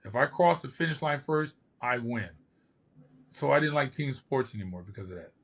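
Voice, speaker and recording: A man's voice: mid-range voice, moderate pace, gravelly, breathy edge. An older man, a podcast host and former bodybuilder, telling stories casually and acting out the quotes. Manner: lively storyteller who acts out quotes. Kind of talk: casual storytelling.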